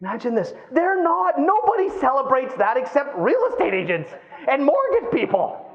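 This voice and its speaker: A man in his thirties giving a live keynote talk, lively and playful, acting out quoted voices as he goes. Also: very high-pitched, normal speed, highs cut off. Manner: animated, acts out quoted voices. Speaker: keynote speaker.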